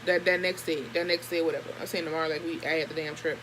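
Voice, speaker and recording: A young woman vlogger telling a story in a casual, animated and heavily profane way. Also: sits low, fast talker, slight background noise, poor audio. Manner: profane, animated, emphatic retelling.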